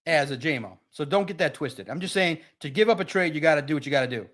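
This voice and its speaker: A sports livestream host talks fast and casually to his chat viewers, full of energy. His voice is fairly high, expressive and fairly bright.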